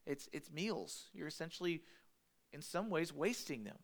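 A male pastor preaching a sermon in an animated, conversational way, with emphatic asides to the congregation. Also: a little high, moderate pace.

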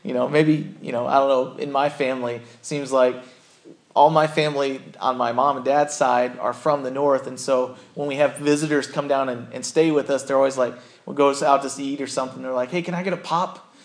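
A man's voice: medium pitch, little pitch movement, fairly quick. A man giving a conversational sermon, acting out quotes from the story and his own life. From southern United States. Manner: conversational, acts out quotes in character voices. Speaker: preacher.

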